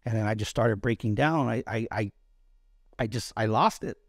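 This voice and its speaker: A man with a gravelly voice, recorded dry and close, tells his story as a guest on a candid interview. He is from East Los Angeles and talks bluntly and profanely, often stumbling over repeated words. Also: lowish voice, normal speed, no echo. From East Los Angeles, USA. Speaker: interview guest, Army combat veteran.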